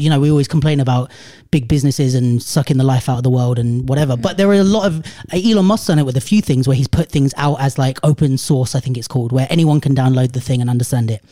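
A man's voice: on the high side, mellow. A man hosting a podcast in casual chat, rambling and thinking aloud with restarts. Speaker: podcast host.

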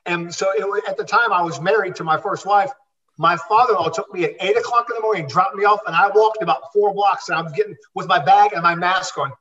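Speaking a little fast in a high, sharp voice, a former wrestler, now an older man, rambles through anecdotes with many restarts during a live interview. The reverberant recording has a distant, dull, lo-fi quality.

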